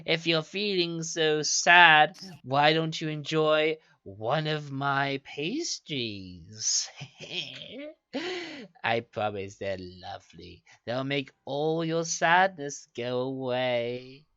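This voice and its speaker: A man's voice: a little high, lively intonation, drawn-out words, bright, forceful tone, dry recording, lo-fi sound, exaggerated voice. A man voicing a creepy old hag who peddles cursed pastries, sweet-talking and cackling. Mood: sugary. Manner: sugary, cackling, wheedling.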